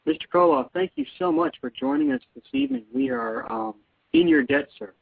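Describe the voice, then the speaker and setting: A man hosts a radio interview in an effusive, halting way, with a lively, swooping pitch. His voice is gravelly and husky. The sound is dry and tinny. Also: no echo. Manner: effusive, halting, many restarts. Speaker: radio show host.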